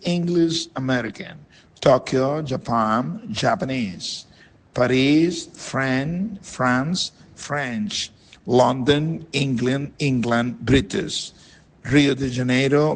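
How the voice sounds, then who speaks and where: Man, English teacher, husky voice, creaky, reading word drills deliberately. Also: medium pitch. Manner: slow, deliberate, repeats words for practice.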